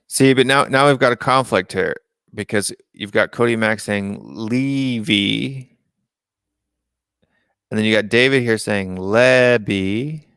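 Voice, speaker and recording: A man's voice: on the low side, steady tone, normal speed, a bit bright, clean tone, no room sound, studio quality. An American man hosting a casual live-stream call-in show, reading out viewer comments and musing on them aloud. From United States.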